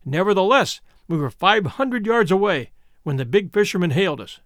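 A man narrating a classic adventure story in an expressive, animated way. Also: sits high, normal speed, no echo, studio quality. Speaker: audiobook narrator.

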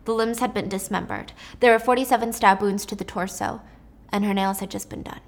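A woman telling a dark story in a casual spoken way, with chatty asides to the listener. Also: mid-range voice, fairly even intonation, brisk, vocal fry.

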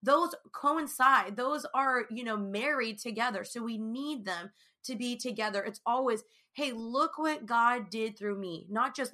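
A woman's voice: fairly high pitch, measured pace, hardly any pauses, bright, forceful tone. A young woman hosting a faith podcast, talking through a personal story in a chatty way, full of "like" and "you know". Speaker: podcast host. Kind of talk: casual faith podcast monologue.

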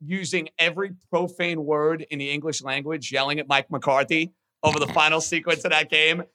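A man trades sports jabs in teasing, needling banter. His voice sits a little high and sounds bright and sharp. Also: steady tone, a little fast. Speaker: guest sports commentator.

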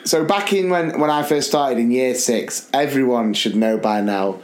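A man co-hosting a podcast, telling school stories in an animated, laughing way. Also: medium pitch. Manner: animated, laughing, quick bursts. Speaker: podcast co-host, school teacher. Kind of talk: casual storytelling chat.

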